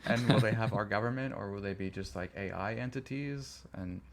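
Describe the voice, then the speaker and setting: Gravelly deep-voiced guest author. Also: male voice, brisk. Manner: rambling, thinking aloud with fillers. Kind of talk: casual interview.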